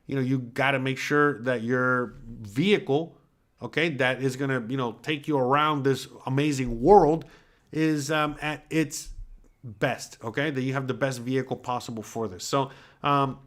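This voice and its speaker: A man's voice: medium pitch, fairly even intonation, moderate pace, fairly bright tone. A middle-aged man from the US East Coast hosting a casual solo chat, rambling and swearing freely with lots of "you know" fillers. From East Coast of the USA. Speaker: podcast host.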